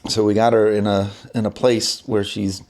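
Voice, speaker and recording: A man's voice: fairly low pitch, flat delivery, moderate pace, a little mellow. A middle-aged man vlogging casually, telling a family story in a rambling way with lots of fillers and restarts.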